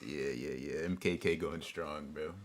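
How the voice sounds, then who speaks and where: A man with a very deep voice rambles through a casual stream chat. He talks loosely, with constant fillers and swearing. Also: steady tone, measured pace. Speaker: stream co-host.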